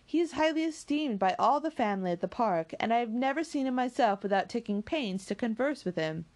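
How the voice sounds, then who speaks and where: A woman voicing a calm, sensible young woman who speaks softly and reasons carefully. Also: fairly high pitch, lightly acted. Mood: reasoning. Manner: measured, soft, reasoning.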